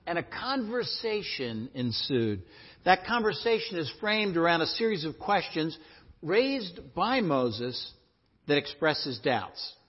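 A male pastor preaching a sermon, animated and emphatic, often asking questions of his listeners. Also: a little high, breathy edge. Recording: echoey hall, dull lo-fi sound.

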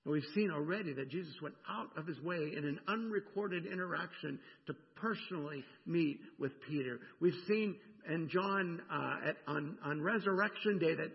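Middle-aged man, pastor preaching a sermon, gravelly voice, dull echoey church recording. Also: on the high side, normal speed, hardly any pauses. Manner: animated, swings from loud emphasis to hushed near-whisper. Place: church sanctuary.

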